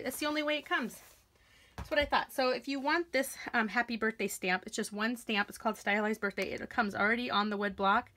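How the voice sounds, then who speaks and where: A woman's voice: on the high side, sharp tone, a little hiss or hum. A woman talking casually through a card-stamping tutorial, thinking aloud as she works. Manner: chatty, self-talking while working. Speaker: stamping demonstrator.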